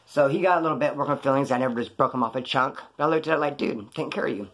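A man's voice: mid-range voice, racing, a bit bright. A man telling his own prison and street stories in a slangy, profane way, acting out the people he quotes. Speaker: former inmate telling his story. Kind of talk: casual storytelling.

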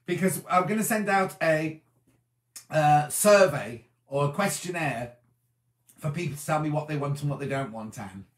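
A man's voice: on the high side, moderate pace, echoey room. A tired man hosting a casual live-stream chat, rambling as he answers viewers' comments. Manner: chatty, rambling, reads comments aloud and answers them. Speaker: host.

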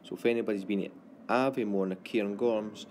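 A man teaching a geography lesson in a self-described monotone. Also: lowish voice, brisk, slight background noise.

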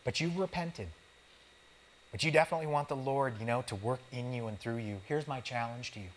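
A male pastor with a medium-pitched voice and brisk pace delivers a sermon in a relaxed, conversational way. He speaks straight to his congregation using slangy, everyday words.

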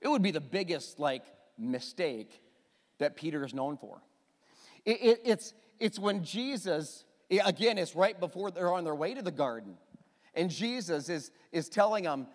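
A middle-aged man preaching a sermon as pastor, telling the story with lively restarts and repeated words. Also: on the high side, moderate pace, big-room sound. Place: church hall.

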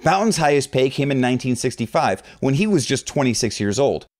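Man with lively scripted narration. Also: medium pitch, brisk. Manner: animated, reads book quotes with dialogue voices. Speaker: video essay narrator.

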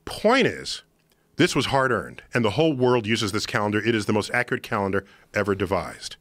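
A man explaining something to a podcast host in an emphatic, excitable lecturing manner. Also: on the low side, a little fast, no echo. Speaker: podcast guest. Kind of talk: animated explanation in conversation. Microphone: studio podcast microphone.

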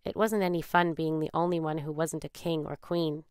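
A woman calmly narrating a children's picture book read aloud. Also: low-pitched, clean tone, no echo, clean studio sound. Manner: calm, measured. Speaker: storyteller.

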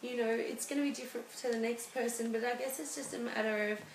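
A woman, a guest speaking emotionally and haltingly about her own life. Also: on the high side, fairly even intonation. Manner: halting and emotional, many restarts. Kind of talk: personal interview. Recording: roomy studio with faint hiss.

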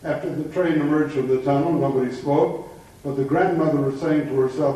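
A man's voice: medium pitch, steady tone, moderate pace, warm tone. A man giving a lecture, telling jokes and anecdotes in an easy storytelling way. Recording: echoey room from far off.

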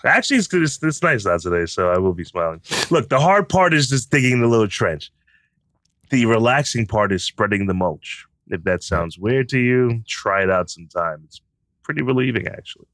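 Male co-host, deep, bright-edged voice, lively and teasing. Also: moderate pace, no echo, clean studio sound. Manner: upbeat, teasing and warmly enthusiastic. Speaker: podcast co-host. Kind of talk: casual conversational podcast chat.

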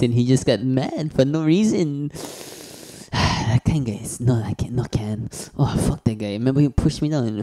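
Comedy skit: man doing a dark-toned, swaggering kung fu champ, foul-mouthed, taunting in broken English. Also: a little high. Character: boastful foul-mouthed martial-arts champ, adult man, picks fights.

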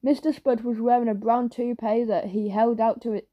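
A woman narrating a children's audiobook in a lively storytelling manner. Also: fairly high pitch, moderate pace, muffled recording. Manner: lively storytelling with character voices.

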